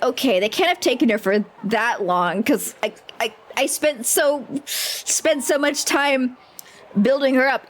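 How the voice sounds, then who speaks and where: A woman livestreaming a role-playing game, chatting with viewers in a rambling, profane, self-mocking way. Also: medium pitch. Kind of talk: casual gameplay chat with viewers.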